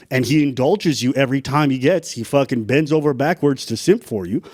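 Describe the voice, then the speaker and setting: A man's voice: mid-range voice, a little fast, darkish tone, no echo, studio quality. A man on a podcast giving a blunt, profane rant in casual chat. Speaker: podcast co-host.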